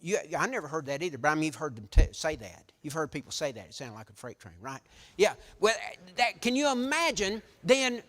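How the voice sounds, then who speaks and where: A preacher, giving a folksy sermon that tells stories and restarts often. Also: male voice, on the high side, brisk. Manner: animated storytelling, folksy, frequent restarts. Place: church hall. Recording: echoey hall reverb.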